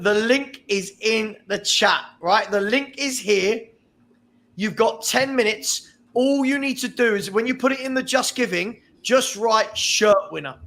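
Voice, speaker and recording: Guy hosting a charity stream auction, high voice, takes it slow, keeps laughing. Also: a bit bright. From England. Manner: jokey, laughs often, calls bids slowly. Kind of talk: casual livestream chat, auctioneering.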